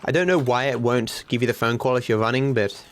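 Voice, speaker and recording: A man's voice: medium pitch, a little fast, slight background noise. An Australian man giving casual livestream gaming commentary, candid and self-deprecating, swearing freely. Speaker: streamer.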